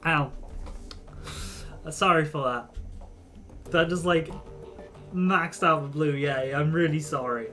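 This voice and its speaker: A man's voice: fairly high pitch, slow pace, pauses often, bright, forceful tone, faint music behind. A man streaming and chatting casually over a game, rambling and giggly with lots of fillers. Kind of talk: casual gameplay commentary.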